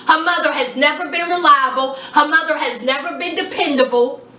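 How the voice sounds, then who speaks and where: A woman who reviews reality TV chats casually and sassily with her viewers, recapping a show and calling them "y'all" and "honey." Her voice sits high, bright and forceful. The room is echoey, she's a bit far from the mic, and there's a little hiss or hum.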